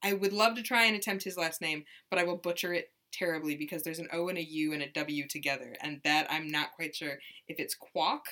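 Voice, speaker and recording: Bright-toned woman podcast co-host; casual, chatty film recap with swearing. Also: deep voice, brisk, few pauses. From Wisconsin. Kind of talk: casual movie recap chat.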